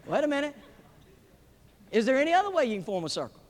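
A man preaches in a large hall before a live audience. His voice sits very high and moves a great deal in pitch. Long reverb trails behind every phrase. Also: sing-song, fast. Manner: emphatic, swinging between loud peaks and hushed drops. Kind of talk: sermon.

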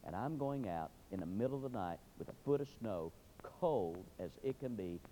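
Animated preacher in a reverberant hall. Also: male voice, fairly low pitch, normal speed, a little hiss or hum. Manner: animated, folksy storytelling with sudden loud bursts. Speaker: pastor. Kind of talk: sermon with storytelling. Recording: dull recording with long hall reverb.

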